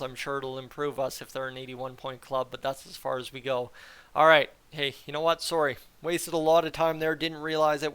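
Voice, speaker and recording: A man hosting his own hockey video, chatting casually about trades in a rambling, animated, self-deprecating way. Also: medium pitch, smooth.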